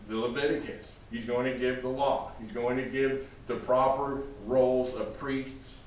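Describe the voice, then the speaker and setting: A man preaching a sermon, speaking emphatically and addressing his congregation directly by name. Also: medium pitch. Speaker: pastor. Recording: very echoey room, distant mic, faint noise.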